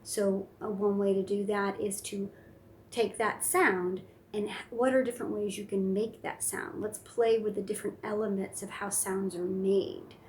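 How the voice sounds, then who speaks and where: A woman's voice: medium pitch, normal speed, a little hiss or hum. Chatty woman speech therapist giving tips. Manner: relaxed, chatty, many fillers, demonstrates silly sounds. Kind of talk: casual instructional talk to camera.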